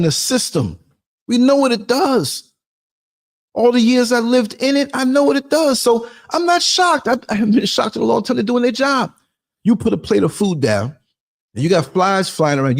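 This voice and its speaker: Speaking in a very high, creaky voice, a man from New York delivers a streetwise, blunt motivational talk on his podcast. He brings his stories to life by performing snippets of dialogue.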